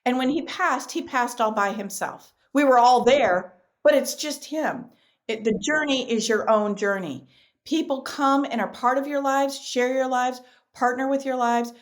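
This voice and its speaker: A middle-aged woman guest in a podcast interview, speaking emphatically and repeating key phrases, telling lively stories. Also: high-pitched, measured pace. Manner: animated storyteller.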